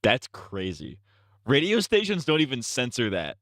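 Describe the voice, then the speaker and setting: A man streaming, talking to himself as he works out parody song lyrics, trying lines out loud with bursts of sung falsetto. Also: huge pitch swings, moderate pace, faint music behind. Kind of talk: casual livestream chat.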